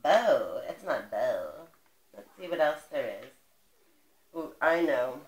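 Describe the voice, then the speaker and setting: A woman's voice: deep voice, lively intonation, takes it slowly, a little mellow, echoey room. A woman reading a picture book aloud to a toddler in a coaxing, sing-song voice with exaggerated baby talk. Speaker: parent.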